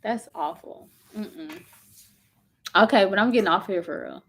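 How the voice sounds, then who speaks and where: A woman's voice: mid-range voice, measured pace, a little hiss or hum. A woman hosting a casual livestream from home, chatting with viewers and reacting sympathetically to their comments, with a loose, filler-heavy way of talking. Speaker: livestream host. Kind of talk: casual live chat reading viewer comments.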